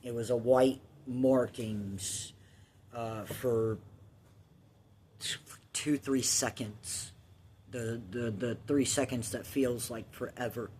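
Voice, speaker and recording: Male storyteller, middle pitch, loose profane rambling delivery, faint background noise. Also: fairly even intonation, slow pace, a little mellow. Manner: rambling, profane, laughs at his own story. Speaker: vlogger telling a personal story. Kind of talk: casual personal storytelling.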